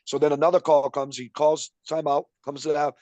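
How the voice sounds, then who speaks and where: Animated man telling a coaching story. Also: on the high side, brisk, dry recording, poor audio. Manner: animated storytelling, frequent fillers. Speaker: youth basketball coach. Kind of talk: casual podcast chat.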